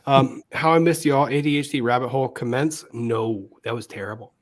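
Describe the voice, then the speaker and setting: Brief: male live-stream host, excitable and profane, reads the chat aloud and laughs a lot. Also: medium pitch, moderate pace. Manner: excitable, swears, breaks into laughter. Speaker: host reading viewer comments.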